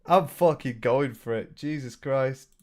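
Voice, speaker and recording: A man's voice: mid-range voice, unhurried, darkish tone. A British man reacting to a video in a mocking, sarcastic commentary full of swearing. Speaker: commentary streamer.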